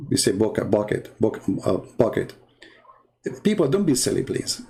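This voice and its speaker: A man's voice: medium pitch, sing-song, brisk, creaky, warm tone. A man from the Middle East with an Arabic accent, a native Arabic speaker, hosting a live stream in a mocking, sarcastic rant. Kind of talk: casual livestream monologue.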